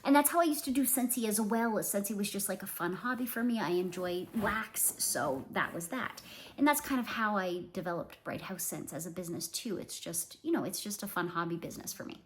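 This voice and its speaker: A woman's voice: mid-range voice, brisk, slight background noise. A woman from Canada in her forties, a small business owner talking casually to her viewers, rambling with lots of fillers. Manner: chatty, rambling, many fillers and "like"s. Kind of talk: casual talk to camera.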